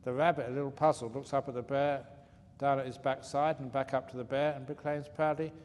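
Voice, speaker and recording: A man's voice: mid-range voice, steady tone, brisk, darkish tone. Playful man telling jokes at a retreat. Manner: playful, chuckles at his own jokes. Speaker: meditation teacher. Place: retreat hall. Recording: faint hall reverb, light room noise.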